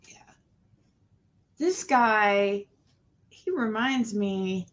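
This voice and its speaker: An unhurried woman hosts a casual livestream chat, talking slowly. She rambles, trails off mid-thought and restarts her sentences. Her voice sits at an ordinary middle pitch. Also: a bit bright. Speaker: livestream host.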